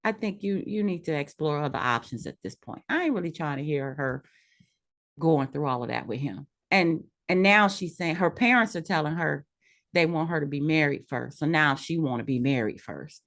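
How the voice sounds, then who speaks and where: A woman with a somewhat low voice co-hosting a laid-back reality-TV recap. She gives her opinions frankly, with a dry, no-nonsense delivery. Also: animated, normal speed, fairly bright tone. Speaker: podcast co-host. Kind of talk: casual chat recapping reality TV.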